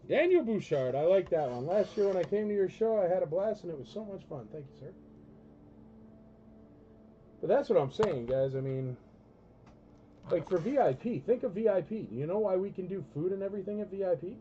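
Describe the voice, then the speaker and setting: A man's voice: sits high, animated, a little fast, pauses often, warm tone, lo-fi sound, a little hiss or hum. A man hosting a live toy auction stream, blunt and joking, ranting between lots. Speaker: auction host.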